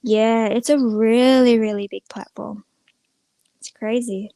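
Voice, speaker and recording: A woman's voice: fairly high pitch, fairly even intonation, takes it slowly, warm tone, clean tone, no echo. A woman chatting casually to viewers during a live stream from a room at home, rambling and filling her talk with "like" and "um". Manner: rambling, many filler words, chatting to viewers. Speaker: small channel live streamer. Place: room at home with the door closed.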